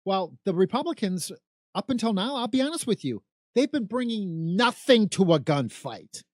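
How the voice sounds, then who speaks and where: A man's voice: high-pitched, very animated, normal speed, no room sound, studio quality. Emphatic middle-aged Chicago man. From South Side of Chicago. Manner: emphatic, repetitive, rhetorical questions. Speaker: political commentator. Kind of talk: opinionated political monologue.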